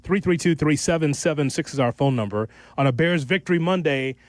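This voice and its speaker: A man hosting sports talk radio, brisk as he reads lines and numbers. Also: a little high, no room sound. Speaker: radio host.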